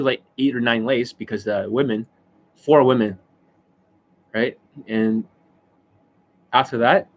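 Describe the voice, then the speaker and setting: A middle-aged man talks at an ordinary pitch in a loose, unscripted live-stream rant. He boasts, swears freely and keeps cracking himself up with laughter mid-sentence. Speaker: dating coach.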